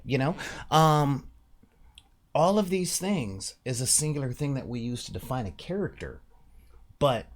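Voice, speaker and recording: A podcast host with a medium-pitched voice delivers a casual monologue about tabletop gaming. He is emphatic and animated, briefly slipping into mock voices to make a point.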